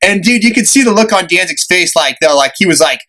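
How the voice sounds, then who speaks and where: Young male podcast host, high and bright voice, animated storyteller who laughs a lot. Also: fast talker, poor audio. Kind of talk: casual storytelling chat.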